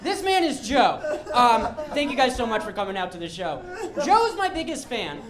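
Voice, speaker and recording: A man's voice: very high-pitched, very animated, moderate pace. A stand-up comedian from Denver doing a live club set, a man with a giggly, nervous, self-mocking delivery. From Denver, Colorado, USA. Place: comedy club stage before a live audience. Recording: echoey club with loud crowd laughter.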